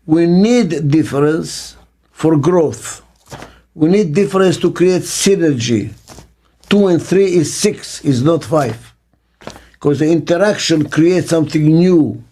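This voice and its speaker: An older man, a business consultant, gives a reflective interview, speaking emphatically and deliberately. He repeats key phrases and poses rhetorical questions. His voice is fairly high-pitched with a dark tone.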